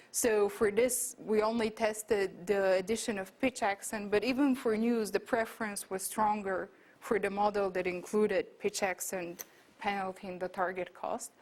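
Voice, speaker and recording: A woman lecturing to a room on her research findings. She talks through her slides in an unscripted, thinking-aloud way. She pauses often on fillers and corrects herself mid-sentence. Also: mid-range voice, darkish tone. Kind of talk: academic talk with slides.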